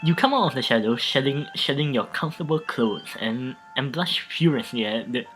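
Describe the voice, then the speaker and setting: A let's play host reading adult game text aloud, stumbling, repeating words and breaking off to joke. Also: male voice, medium pitch, animated, moderate pace, a bit bright, poor audio. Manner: joking, easily embarrassed. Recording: with background music.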